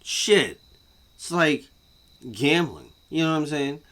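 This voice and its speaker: A man ranting casually to camera as a vlogger, profane and repetitive, swinging from muttering to yelling. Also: on the high side, animated, unhurried.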